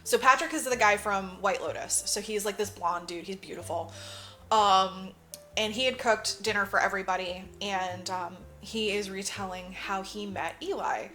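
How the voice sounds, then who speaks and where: A woman's voice: mid-range voice, moderate pace, pushed and bright, faint music behind. A woman co-hosting a movie podcast, casually retelling a film with lots of laughs, swearing and acted-out lines. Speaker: podcast co-host. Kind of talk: casual movie recap chat.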